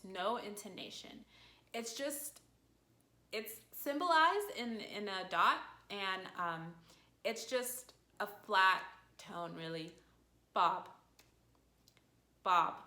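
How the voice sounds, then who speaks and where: A woman teaching an online language lesson in a patient, encouraging way, explaining each point clearly. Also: mid-range voice, pushed and bright. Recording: echoey room.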